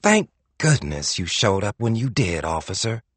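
A man's voice: mid-range voice, wildly swooping pitch, moderate pace, breathy edge, dry recording, pitched above the performer's own voice. A man voicing a scheming older woman who gushes with false sweetness. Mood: falsely sweet.

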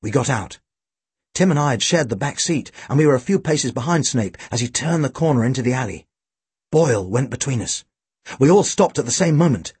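A man narrating a storybook with a dry, wry, expressive delivery. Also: mid-range voice, brisk, slightly rough, no echo. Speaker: audiobook reader.

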